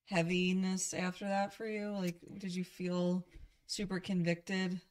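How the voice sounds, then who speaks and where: A woman's voice: on the low side, flat delivery, takes it slowly. A woman hosting a podcast, who laughs easily and asks short prompting questions in a casual interview. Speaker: podcast host.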